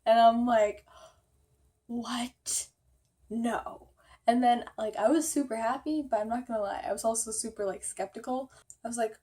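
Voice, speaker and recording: A woman's voice: a little high, steady tone, unhurried, warm tone. A young woman telling a storytime vlog, chatty and full of fillers, acting out her own quotes. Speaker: vlogger.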